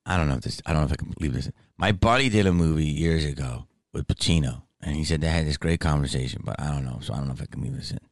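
A middle-aged man hosting a podcast, telling rambling, animated stories in casual chat. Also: extremely low pitch, very fast, hardly any pauses, no room sound, clean studio sound. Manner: rambling, animated, lots of fillers. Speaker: podcast host.

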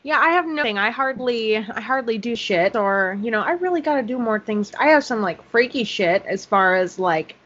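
A woman rambling and hesitating in a casual chat as a guest. Her voice is on the high side, and the recording sounds dull and lo-fi. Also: lively intonation, normal speed, few pauses, fairly bright tone. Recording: dull lo-fi audio.

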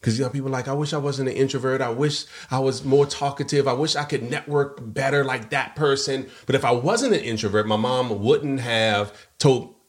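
A middle-aged podcast co-host with a medium-pitched voice talks fairly quickly, barely pausing. He tells a personal story casually and animatedly, acting out the voices of the people in it.

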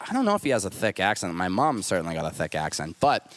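A man's voice: low-pitched, wildly swooping pitch, fast talker. A man hosting a podcast, telling a profane, laughing story about his father in casual chat. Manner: profane, laughing, restarts often. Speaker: podcast host.

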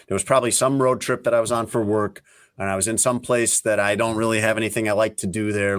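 A man's voice: on the low side, no echo, clean studio sound. A man hosting a sports podcast, talking in loose, joking, rambling chat. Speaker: podcast host. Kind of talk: casual chat.

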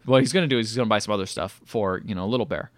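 A young man co-hosting a podcast, casually retelling a movie's plot in a rambling, joking way with quick quoted voices. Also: lowish voice, no echo. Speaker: podcast co-host recapping a movie. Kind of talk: casual comedic chat.

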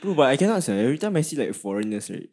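A man's voice: medium pitch, sing-song, very fast, a little mellow, breathy edge. A young man with a Singaporean accent co-hosting a casual podcast, telling crude, joking stories. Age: young adult. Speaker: podcast co-host. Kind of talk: casual chat.

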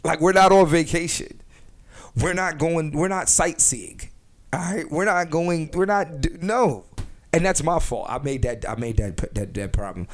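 A man hosting a comedy podcast, talking in a rambling, profane, animated way with lots of restarts. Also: a little high, normal speed. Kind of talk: casual comedic podcast chat.

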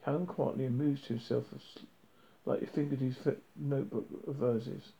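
A man reading a novel aloud, halting, with frequent slips and restarts. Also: mid-range voice, steady tone, gravelly, dark tone. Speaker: reader. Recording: dull lo-fi recording.

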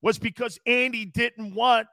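A man's voice: very high-pitched, fairly even intonation, unhurried, sharp tone, no echo. A man hosting a sports talk show, riffing casually, reading comments aloud and laughing often. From East Coast US. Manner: brash, jokey, reads chat comments aloud and laughs often.

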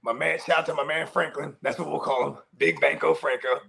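A man's voice: fairly high pitch, fairly even intonation, a little fast, gravelly, bright, forceful tone. A man co-hosting a casual morning talk show, telling stories in slangy, profane speech. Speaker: co-host. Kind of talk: casual podcast banter.

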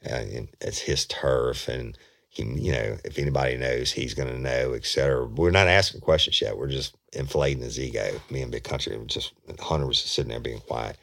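A middle-aged former police investigator, telling a story in a blunt, profane way. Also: male voice, rumbling low, fairly quick, creaky, fairly bright tone. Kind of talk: casual storytelling.

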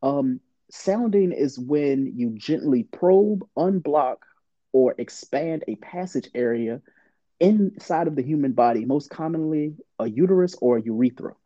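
Guy cohosting a podcast, kinda hesitant, trails off a lot, mellow husky voice, dull lo-fi sound. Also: a little high, expressive, measured pace, no room sound. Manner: hesitant, trailing off, laughs often. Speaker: podcast co-host. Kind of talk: casual podcast chat.

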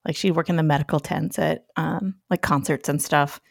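A woman co-hosting a podcast with a gravelly voice, chatting casually and laughing often. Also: sits low, steady tone, moderate pace, no room sound, clean studio sound. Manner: laughs often, short reactions. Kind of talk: casual chat.

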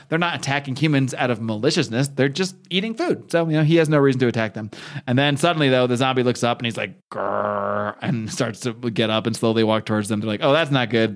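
A man casually recapping a comic book on a podcast, rambling with fillers and swearing now and then. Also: medium pitch. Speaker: podcast host.

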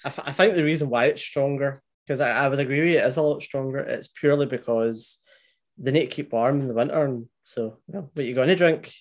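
A woman hosts a relaxed podcast chat and laughs along with her guest. Her voice sits very low for a woman and stays easygoing. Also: quick pace. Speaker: podcast host. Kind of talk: casual interview chat.

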